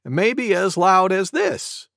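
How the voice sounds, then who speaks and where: A man voicing an excitable male cuckoo bird in a storybook, talking in quick bursts. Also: high voice, vocal fry, no room sound, studio quality, pitched above the performer's own voice, full character voice.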